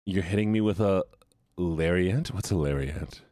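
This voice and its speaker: A man's voice: deep voice, moderate pace, dark tone, no room sound, studio quality. A young man streaming, chatting casually with viewers in a rambling way, repeating words and laughing often.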